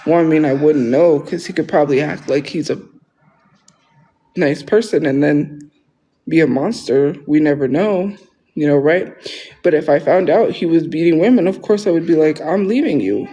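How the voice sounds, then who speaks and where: High-voiced man rambling on a livestream. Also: normal speed, warm tone, low-quality recording. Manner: rambling, defensive, restarts often. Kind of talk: casual livestream talk.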